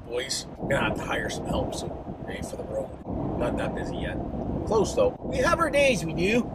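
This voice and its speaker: Profane Canadian man ranting in a car. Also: fairly high pitch. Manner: profane, mock-worked-up, folksy. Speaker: vlogger. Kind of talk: casual driving vlog rant. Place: inside a moving car. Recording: noisy car interior.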